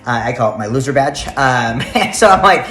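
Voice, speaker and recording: Guy rambling a story to his camera, laughs a lot, middle pitch, echoey room. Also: expressive, normal speed, sharp tone. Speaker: vlogger. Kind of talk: casual personal vlog. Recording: roomy echo, faint music.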